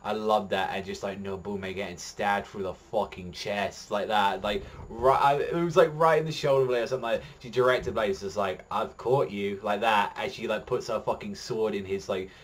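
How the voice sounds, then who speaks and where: A man giving excited, rambling commentary as a reaction video host, swearing heavily as he talks. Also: lowish voice, moderate pace, few pauses. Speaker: manga reaction youtuber. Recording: faint music behind voice.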